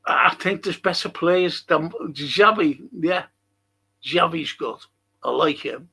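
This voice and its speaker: A man runs a casual livestream and chats his way through viewers' comments. His voice sits a little high and has a gravelly rasp. He talks slowly and rambles, with the odd curse thrown in. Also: bright, forceful tone. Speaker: livestream host reading viewer chat.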